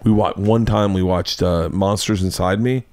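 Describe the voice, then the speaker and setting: A man in his forties with a fairly low voice hosts a podcast in loose, casual conversation. He tells stories animatedly, swears freely and jumps up in pitch to punch the funny parts. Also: normal speed. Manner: animated storytelling, swearing, jumping pitch for emphasis. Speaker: podcast host. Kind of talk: casual chat.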